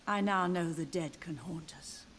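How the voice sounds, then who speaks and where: An actress voicing a grieving elderly mother who softly insists her living son is a ghost, in video game dialogue. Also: on the low side, measured pace. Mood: mournful. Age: older. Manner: soft, tender, wistful. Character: grieving elderly mother, gently deluded, haunted. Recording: game audio with loud music behind.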